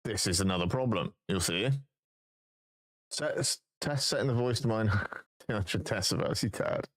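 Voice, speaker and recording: A man's voice: fairly low pitch, animated, normal speed. A man live-streaming, chatting casually and thinking aloud while he fixes his voice settings.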